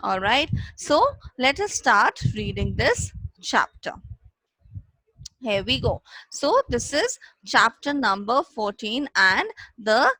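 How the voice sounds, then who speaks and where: Bright high-voiced Indian English woman teacher. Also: big pitch swings, slow pace, dry recording, rough recording. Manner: paraphrases the story in simple words, acting out lines with voices. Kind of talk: reading aloud and explaining a story to children.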